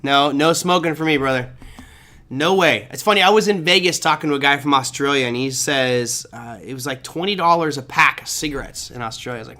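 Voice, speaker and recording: A man's voice: medium pitch, a little fast, bright, forceful tone. A man hosting a live trading show, casually talking through charts and answering viewer chat. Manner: casual, chatty, thinks aloud with fillers. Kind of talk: live market commentary, reading viewer chat.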